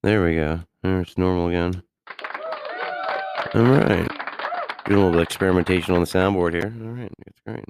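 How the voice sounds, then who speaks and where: A man's voice: sits low, fairly even intonation, moderate pace, long pauses, background noise. A man hosting a radio show, rambling casually in a profane, loose way and laughing often. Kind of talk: casual solo talk.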